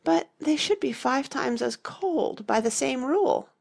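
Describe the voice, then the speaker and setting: A woman reading the part of a polite, earnest young girl who answers gravely in a fairy-tale audiobook. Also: sits high, expressive, measured pace, darkish tone, voice pushed up, exaggerated voice.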